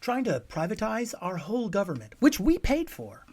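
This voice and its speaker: A man hosting a scripted political monologue, ranting with sarcasm and name-calling, swinging between loud outbursts and hushed asides. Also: high voice, wildly swooping pitch, moderate pace. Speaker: host.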